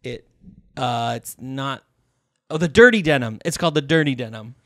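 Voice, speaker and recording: A man's voice: mid-range voice, normal speed, no room sound, studio quality. A man co-hosting a podcast in casual chat, easygoing and often laughing. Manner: giggly, easygoing. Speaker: podcast co-host.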